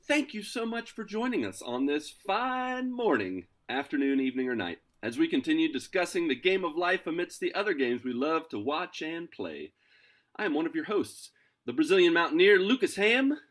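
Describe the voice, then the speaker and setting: A man hosting a casual podcast, introducing his co-hosts with energetic, playful hype. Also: on the high side. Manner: energetic, hyped, playful announcer delivery. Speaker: podcast host.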